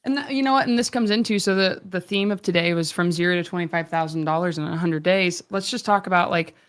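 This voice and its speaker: Female host, chatty and upbeat, rapid delivery, video-call Q&A. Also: on the low side, clean tone. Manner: enthusiastic and chatty. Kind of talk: live Q&A hosting.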